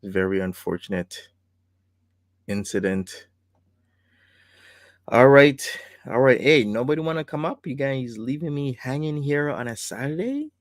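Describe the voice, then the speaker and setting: A man hosting a casual livestream, talking in a sarcastic, chatty way and breaking into laughs. His voice sits at a middle pitch. The sound is dry and close, with little room around it. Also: normal speed, few pauses, dry recording. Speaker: livestream host.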